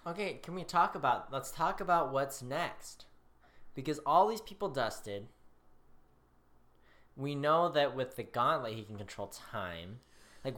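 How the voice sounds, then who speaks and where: A young man with a bright, sharp voice teasing his podcast partner. His pitch leaps around lively as he prods and jokes. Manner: teasing, needling. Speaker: podcast co-host. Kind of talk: casual chat. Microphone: podcast mic on an arm.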